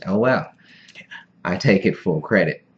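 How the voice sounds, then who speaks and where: A man's voice: low voice, animated, unhurried, slight background noise. A man reviewing a movie in a casual, rambling chat, giggly and poking fun at himself. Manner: rambling, giggly, self-deprecating. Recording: dull lo-fi recording.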